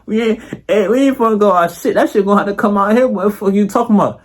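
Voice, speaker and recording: A man voicing a hyped young male street friend who talks fast and excited. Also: sits high, voice pushed up.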